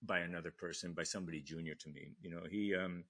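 An older man, a retired admiral, telling a story in conversation, acting out the people he quotes with sudden rises in pitch. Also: fairly even intonation, quick pace, fairly bright tone.

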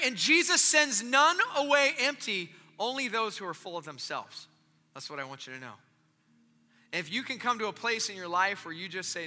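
A man with a very high, piercingly bright voice delivers a sermon that rings through a large hall with a long reverb tail. He talks casually, cracks jokes and drops into hushed, intimate asides between louder stretches of storytelling. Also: animated, moderate pace, soft background music. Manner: swings from loud storytelling to quiet, intimate asides; casual, joking delivery with slang and restarts. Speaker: pastor.

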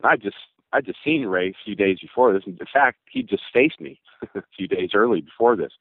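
An older man, a former baseball pitcher, telling a long story in a rambling way, with restarts and quoted voices of others. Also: lively intonation, brisk, no room sound. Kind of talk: casual spoken storytelling. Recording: narrow phone-like dry sound.

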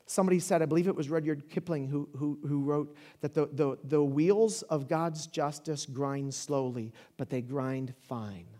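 A man preaching a sermon in a conversational, animated way, building to loud shouts. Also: a little high, moderate pace, few pauses. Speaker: pastor.

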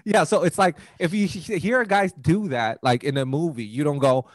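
Animated young man. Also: normal speed, few pauses, no room sound, studio quality. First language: Mandarin. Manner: animated, profane, jokey, rises sharply in pitch when worked up. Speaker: podcast co-host. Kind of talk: casual podcast chat.

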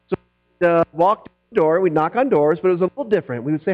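Animated preaching man, high voice. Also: quick pace. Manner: animated, swings from loud preaching to quiet asides. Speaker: pastor. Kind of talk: sermon. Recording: dull lo-fi recording with mains hum.

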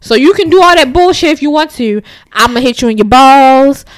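A woman chatting casually, blunt and profane, telling animated stories with frequent restarts. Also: sits high, a little fast. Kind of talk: casual chat.

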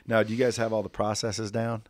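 A man's voice: lowish voice, level tone, fairly quick. A man hosting a podcast in a studio, talking in brash, profane, joking banter with his guests. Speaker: podcast host. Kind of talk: casual interview banter. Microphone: studio microphone.

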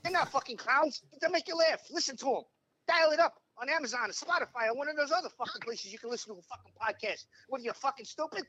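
A man doing an impression of a fast-talking, jittery wiseguy, loud and profane. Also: extremely high pitch, highs cut off, voice pushed up, exaggerated voice. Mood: aggressive pitch.

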